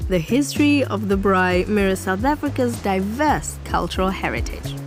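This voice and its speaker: A woman reading a measured, scripted documentary voice-over. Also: mid-range voice, animated, music in the background. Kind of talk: scripted narration.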